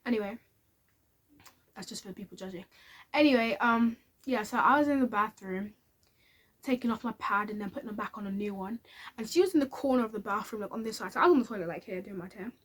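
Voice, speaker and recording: A woman's voice: mid-range voice, fast talker. A woman telling a candid personal story to camera in a chatty, casual way. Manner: chatty and candid, with many fillers. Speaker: vlogger.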